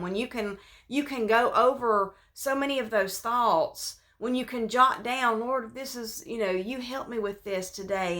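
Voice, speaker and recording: Speaking at a medium pitch, this woman leads an informal devotional, full of fillers and restarted sentences. Her voice turns soft and hushed whenever she voices a prayer.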